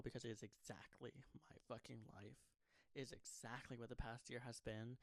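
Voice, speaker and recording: A young man talks straight to his fans in a loose, unscripted ramble, tossing in swear words and sarcastic jokes. His voice sits at an ordinary middle pitch. It is recorded close to the mic, with a very dry sound and no room echo. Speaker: pop singer-songwriter promoting an album. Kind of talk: casual unscripted monologue to fans.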